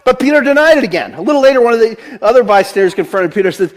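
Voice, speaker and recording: A man's voice: very high-pitched, lively intonation, very fast. A man in his forties with a Delaware accent, a pastor giving a casual, conversational sermon, laughing often and restarting his sentences. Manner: chatty, laughs often, many restarts and fillers.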